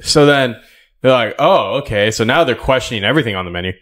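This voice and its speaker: A young man co-hosting a casual podcast, telling an animated story and acting out the people in it. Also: medium pitch, fast. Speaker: podcast co-host. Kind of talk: casual chat.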